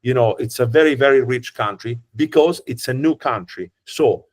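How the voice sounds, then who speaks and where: Brief: Italian-accented man, tour guide, lively and explanatory, mid-pitched voice. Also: moderate pace. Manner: animated, often imitates the sounds he describes. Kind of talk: explanatory talk.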